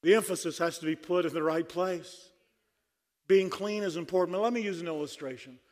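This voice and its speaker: A man's voice: sits high, brisk. A man preaching a sermon at a conference, fervent and dry-humored. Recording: long hall reverb.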